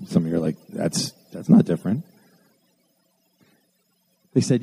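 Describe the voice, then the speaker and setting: A man's voice: low-pitched, very animated, unhurried, gravelly, pauses often, dark tone, slightly rough. A man preaching a sermon to his church, earnest with self-deprecating asides. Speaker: pastor. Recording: long hall reverb.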